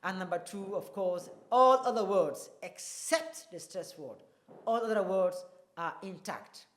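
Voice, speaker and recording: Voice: medium pitch, lively intonation, unhurried, echoey room. A teacher giving a televised English lesson, explaining a point and then asking the class rhetorical questions.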